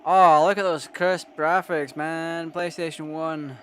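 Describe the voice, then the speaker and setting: A man's voice: on the high side, fairly even intonation, slow pace, a little hiss or hum. A Scottish man giving casual, sarcastic, profane let's-play commentary on a retro game. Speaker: gaming YouTuber.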